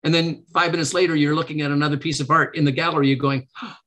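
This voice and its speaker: A man's voice: a little high, level tone, racing, a bit bright. Earnest middle-aged man, motivational. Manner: earnest, motivational, acts out quotes in a lifted voice. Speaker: podcast guest, negotiation trainer. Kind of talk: casual interview.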